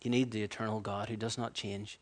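Animated man preaching a sermon. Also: fairly low pitch, brisk. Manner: animated storyteller, acts out voices, laughs at his own stories.

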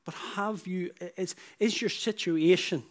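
A man preaching a sermon, who repeats his phrases and swings from loud emphatic bursts to hushed, low lines. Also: fairly even intonation, a little slow.

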